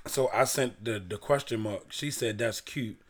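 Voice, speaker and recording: Young guy from baltimore telling a crude story on a podcast, swearing a lot, reading old texts out loud. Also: fairly low pitch, unhurried. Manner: profane, animated storyteller reading old messages aloud. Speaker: podcast co-host. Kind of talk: casual storytelling chat.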